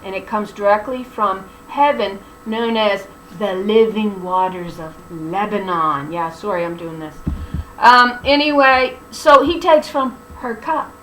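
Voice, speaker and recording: A woman's voice: medium pitch, unhurried, a bit bright. A woman teaching scripture in an emphatic preaching style, mixing colloquial, sarcastic asides into her reading. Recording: echoey room with faint hum.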